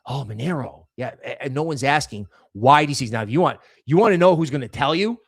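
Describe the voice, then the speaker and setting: A man's voice: fairly high pitch, expressive, a little fast. A man hosting a crypto livestream, talking casually and emphatically, with frequent restarts. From New York area.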